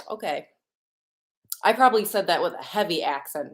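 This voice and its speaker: A young makeup artist with a Chicago accent hosts a livestream from her home studio in Los Angeles, chatting in a bubbly, casual way and greeting viewers by where they're from. Her voice is fairly low with lively intonation, a little fast, with long pauses.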